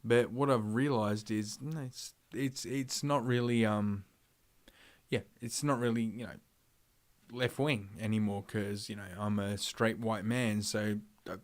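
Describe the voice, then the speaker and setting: A man's voice: on the low side, steady tone, a little slow. A man streaming live, ranting through his opinions in a rambling, profane way, full of fillers and restarts. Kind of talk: livestream commentary rant.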